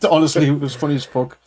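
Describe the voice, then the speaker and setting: A man interviewing a band in a loose, chatty way, laughing and swearing along with them. His voice sits a little high. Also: fairly even intonation, normal speed, darkish tone. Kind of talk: casual interview.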